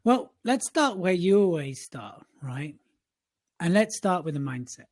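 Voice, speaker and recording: A man's voice: high voice, sing-song, a little slow, darkish tone. A man co-hosting a podcast who coaches business owners, chatting casually with teasing banter. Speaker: co-host, communication coach.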